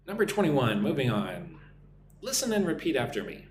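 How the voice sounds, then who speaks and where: A man teaching English on a live stream, drilling pronunciation slowly and deliberately and thanking viewers by name. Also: mid-range voice. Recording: roomy echo with faint hum.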